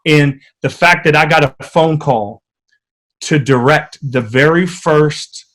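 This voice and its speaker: A man with a slightly high voice tells stories as a guest in a casual podcast interview. His delivery is animated and vivid. He comes from the United States. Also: slow pace.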